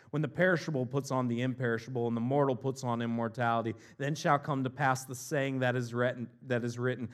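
A man from Ohio preaching a sermon, mixing jokey, animated asides with earnest, quieter scripture reflection. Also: mid-range voice. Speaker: pastor.

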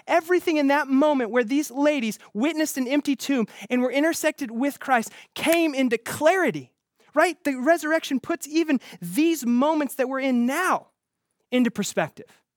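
A man preaching an earnest, emphatic sermon as pastor, with quick restarts. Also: very high voice, no room sound, clean studio sound.

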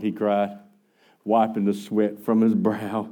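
A man preaching a sermon, telling folksy stories with an animated delivery and quick asides. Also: fairly low pitch. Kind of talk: sermon storytelling.

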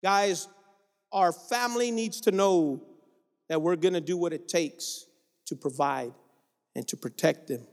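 A man's voice: sits high, a little slow, long pauses. A male guest preacher delivering an exhorting sermon, calling out to the congregation in a church sanctuary. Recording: long reverb of a large room.

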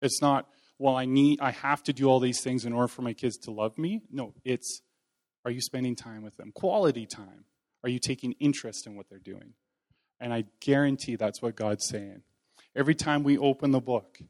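A lay preacher with a medium-pitched, darkish voice delivers an informal sermon in a church hall. His delivery is conversational and folksy, with self-deprecating humor.

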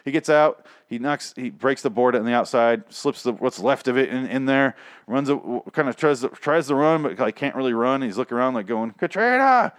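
A man's voice: mid-range voice, a little fast, smooth, no echo, studio quality. A man giving a casual, sarcastic and profane recap of TV episodes, rambling as he goes. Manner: sarcastic, rambling, heavy swearing. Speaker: show reviewer.

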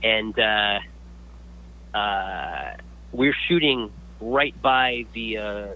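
A man, a guest actor, telling stories in a casual interview, lively and full of restarts. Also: lowish voice, drawn-out words, poor audio. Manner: animated storyteller with many restarts.

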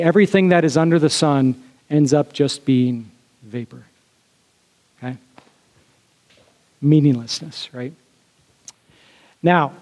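Man, pastor, sermon, chatty and filler-heavy, slightly high voice, long hall reverb. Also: darkish tone. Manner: conversational, with frequent fillers and asides to the congregation.

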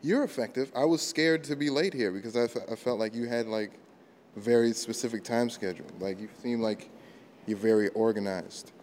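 A man's voice: medium pitch, a little fast, a little mellow, slight background noise. Rambling man telling laughing anecdotes. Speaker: comedian guest. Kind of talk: casual chat.

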